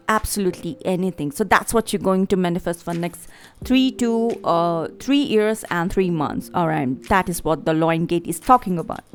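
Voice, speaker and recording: A woman with an Indian accent, hosting her own channel and giving a fervent, preachy spiritual talk with repeated phrases. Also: mid-range voice. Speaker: tarot reader and channel host. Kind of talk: spiritual monologue to camera.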